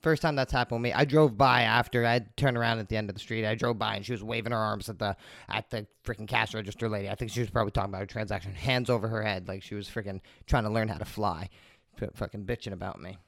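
A man's voice: on the low side, steady tone, fast, creaky, fairly bright tone, no echo, clean studio sound. A man hosting his own podcast, telling a rambling story in a casual, heavily profane monologue. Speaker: podcast host.

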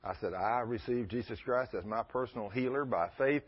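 Husky folksy preacher man. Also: medium pitch, a little fast. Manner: folksy storytelling with animated quoted voices. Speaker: pastor. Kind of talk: sermon. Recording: dull lo-fi church recording.

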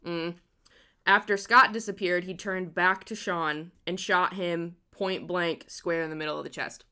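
Bright-voiced woman telling a crime story. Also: on the low side, steady tone, unhurried, smooth. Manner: laughs often, swears freely, loose storytelling. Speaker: podcast host telling a true crime story. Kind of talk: casual storytelling chat.

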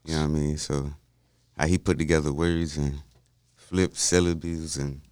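A man with a very deep, smooth voice talks easily as a podcast guest. He keeps a relaxed, unhurried manner and often asks "you know what I mean." The sound is dry, with no room around it. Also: dry recording. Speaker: guest rapper. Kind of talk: casual interview talk.

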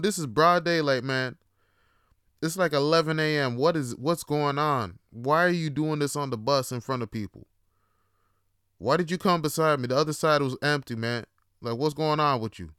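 A man's voice: on the high side, moderate pace, a bit bright, clear, resonant tone, dry recording, studio quality. A man telling a comedic, profane rant in a casual, filler-heavy way. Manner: profane, casual, many "you know" fillers. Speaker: podcast host.

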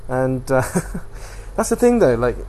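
A young man talks through a casual solo podcast at an ordinary middle pitch. He rambles from one topic to the next and swears casually. A faint noise floor sits under the recording. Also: big pitch swings, slow, mellow. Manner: rambling, swears freely, jumps between topics. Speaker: podcast host.

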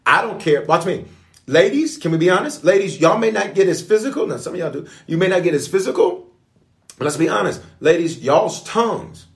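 Preacher guy, kinda high voice, super lively, keeps asking the room to be honest. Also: brisk. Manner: call-and-response, animated, playful. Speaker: pastor. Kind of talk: lively sermon.

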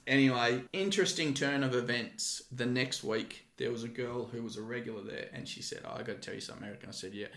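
A man's voice: mid-range voice, quick pace, gravelly, hardly any pauses. A man who used to work security, telling a story casually with lots of swearing. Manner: profane, lively anecdotes. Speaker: former security guard. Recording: roomy echo.

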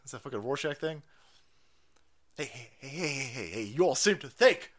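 A man's voice: on the high side, lively intonation, moderate pace, long pauses, a bit bright. A man hosting a livestream, ranting in profane political commentary with a mocking, sarcastic manner and frequent laughter. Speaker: livestream host.

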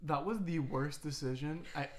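A young adult co-host on a chat podcast, telling stories with halting restarts. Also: mid-range voice, steady tone. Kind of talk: casual chat.

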